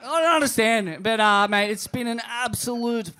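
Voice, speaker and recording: An Australian man hosting a crude comedy surf podcast, swearing freely through long rambling stories. His voice sits very high and rings bright and forceful, and he shouts often. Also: moderate pace, smooth. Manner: foul-mouthed rambling storyteller, shouting often. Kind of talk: crude comedic surfer banter. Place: in front of a live crowd.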